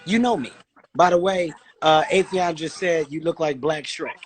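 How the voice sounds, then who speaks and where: A man hosting a live stream from home, roasting a friend in fast, excitable banter. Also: fairly high pitch, faint music behind, low-quality recording. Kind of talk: joking banter.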